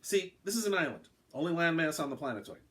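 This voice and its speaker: A brash, bossy alien announcer, put on by a man reading aloud, pitched up above his usual voice. He rattles off rules impatiently and sounds irritated by questions. His delivery rises and falls in a lively way. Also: fast. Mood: flippant. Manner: flippant, impatient, chatty. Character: brash, sarcastic male alien game announcer.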